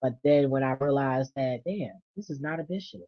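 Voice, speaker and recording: A woman venting in a casual monologue, blunt and profane, swinging from low mutters to loud rants. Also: moderate pace, dry recording. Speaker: vlogger. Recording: dull lo-fi dry recording.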